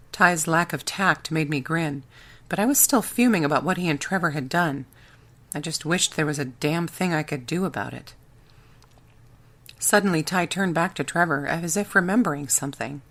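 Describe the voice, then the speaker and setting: Brief: woman audiobook narrator, low voice, wry first-person storytelling. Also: moderate pace, fairly bright tone.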